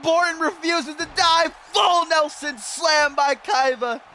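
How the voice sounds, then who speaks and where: A man giving excited, shouty play-by-play commentary on a wrestling video game, swearing and getting out of breath. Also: extremely high pitch, takes it slowly, slight background noise. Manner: shouty, swearing, animated, mock wrestling-announcer delivery.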